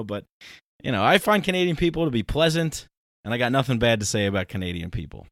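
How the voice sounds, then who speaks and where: A man's voice: medium pitch, expressive, fast, fairly bright tone, no room sound. Laid-back male host, dry close sound. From United States. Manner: loose, filler-heavy and laughing. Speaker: podcast host. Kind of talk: casual interview talk.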